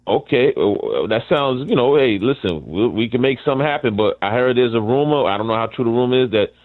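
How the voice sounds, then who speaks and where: A man calling in to a sports radio show, an excited fan who rambles. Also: mid-range voice, brisk, dry recording. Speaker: caller. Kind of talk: casual call-in chat. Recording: tinny phone line.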